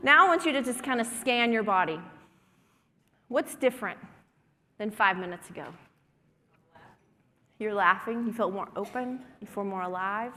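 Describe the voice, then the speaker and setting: A woman's voice: fairly high pitch, measured pace, long pauses, sharp tone. A woman presenter leading a group through breathing and humming exercises in an encouraging way, in a conference breakout room. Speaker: workshop presenter. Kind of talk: guided breathing and humming workshop. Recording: long hall reverb.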